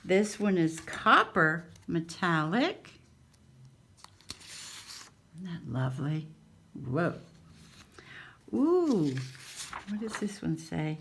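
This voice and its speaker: A woman's voice: fairly low pitch, lively intonation, slow, long pauses, pushed and bright, slight background noise. A woman hosting a casual craft haul, gushing and cooing over each item as she shows it at home. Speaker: craft channel host. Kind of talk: casual haul show-and-tell.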